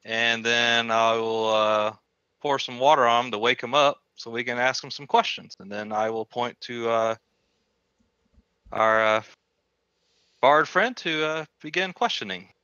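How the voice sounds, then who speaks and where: A man playing a tabletop game, slowly and deliberately describing his character's actions with many fillers. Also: mid-range voice, bright, forceful tone, clean tone, no echo, dull audio. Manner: slow, deliberate, hesitant with fillers. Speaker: player.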